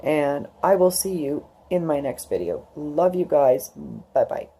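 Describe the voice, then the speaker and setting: A woman's voice: deep voice, a little slow, warm tone, a little hiss or hum. A woman in her fifties talking emotionally to her YouTube viewers, tearful and rambling with many fillers. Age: 50s. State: crying. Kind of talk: emotional personal vlog.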